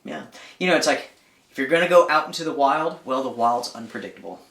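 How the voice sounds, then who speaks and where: A man's voice: mid-range voice, lively intonation, fairly quick, creaky, fairly bright tone, echoey room. A man co-hosting an outdoor gear channel, chatting casually and rambling a little with lots of "like". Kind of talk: casual chat.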